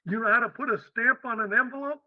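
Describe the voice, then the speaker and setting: An older man putting on a gruff, high-pitched voice for a brusque New York hiring boss with a heavy accent, clipped and matter-of-fact. The sound is dry and a bit dull, like a lo-fi podcast recording. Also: fast talker, no echo. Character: gruff middle-aged male New York hiring manager with a cigar.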